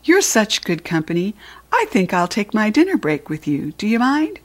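A cheerful, talkative middle-aged school janitor, voiced by a woman reading a storybook aloud. He jokes and teases warmly, his voice lifting brightly on questions. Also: mid-range voice, wildly swooping pitch, moderate pace. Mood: jovial. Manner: jovial, chatty, teasing.

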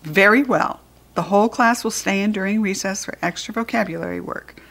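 A woman's voice: mid-range voice, fairly quick, a bit bright. A woman reading aloud, voicing a strict schoolteacher who speaks firmly and sharply. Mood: stern. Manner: firm, clipped.

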